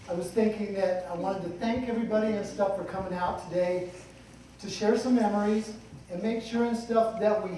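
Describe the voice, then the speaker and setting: A middle-aged man delivers a funeral eulogy in a loose, folksy way, drifting between gentle jokes and sincere memories. He is heard from some distance in a very reverberant hall. A faint hiss of noise sits underneath. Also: sits high. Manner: folksy, rambling, with light humor. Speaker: son giving a eulogy.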